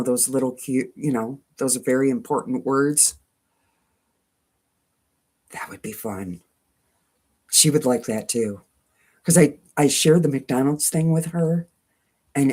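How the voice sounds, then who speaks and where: Unhurried and full of long pauses, her twangy bass voice has a darkish tone. She's hosting a quilting channel, going through viewer comments in a casual live chat while laughing often and mocking herself.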